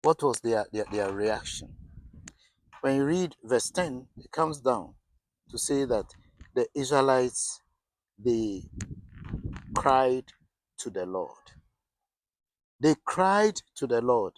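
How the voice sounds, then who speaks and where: A middle-aged man preaches a sermon with a voice of middling pitch. He asks his listeners questions and often stumbles and restarts mid-phrase. The sound is dry and close, with no room around him. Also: lively intonation, takes it slowly, long pauses, dry recording. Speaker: pastor.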